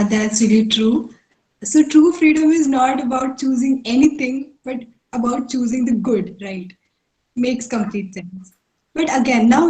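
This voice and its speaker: A woman's voice: high voice, darkish tone. A woman moderating a panel who affirms answers and prompts the next speaker with questions. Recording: echoey room.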